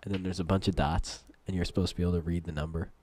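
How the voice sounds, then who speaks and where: A man's voice: deep voice, steady tone, rapid-fire, darkish tone, husky. A young man hosting a podcast in casual chat, easygoing and joking, with short reactions. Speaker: podcast host.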